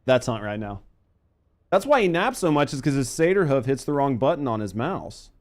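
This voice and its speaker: Chatting casually with viewers during a game stream, a man in his thirties swears, cracks jokes and reads chat aloud. He speaks at a moderate pace with a medium-pitched, sing-song voice.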